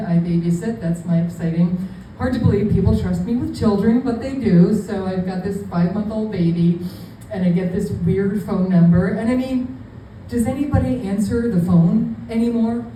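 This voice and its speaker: A woman's voice: medium pitch, measured pace, mellow, slight background noise. A woman in her fifties from New York City telling a rambling, self-deprecating stand-up story to a live audience. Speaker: comedian. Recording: echoey venue, mic far off.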